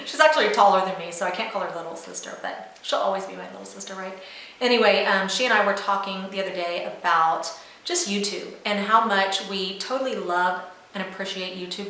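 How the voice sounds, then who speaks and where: A woman's voice: medium pitch, sharp tone. A woman chatting to camera as a beauty vlogger, rambling with lots of fillers. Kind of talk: casual chat to camera. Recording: very echoey room with faint background noise.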